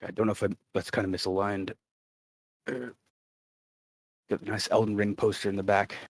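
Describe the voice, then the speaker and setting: Low-voiced man chatting on a livestream. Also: little pitch movement, normal speed, slightly rough, dry recording. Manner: rambling, reads chat messages aloud. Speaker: stream co-host. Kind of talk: casual livestream chat.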